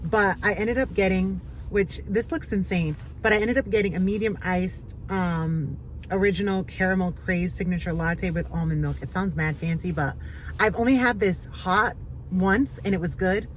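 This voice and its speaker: A woman's voice: lowish voice, normal speed, a little hiss or hum, rough recording. A woman chatting casually to camera for her small business vlog, talking in an upbeat, rambling way with lots of fillers. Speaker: small business owner vlogging.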